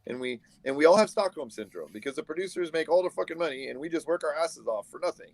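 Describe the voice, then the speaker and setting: A man from the United States, a guest photographer, telling animated stories in a casual interview over a video call. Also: fairly high pitch, fast, dry recording. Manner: animated storyteller, acts out quoted people.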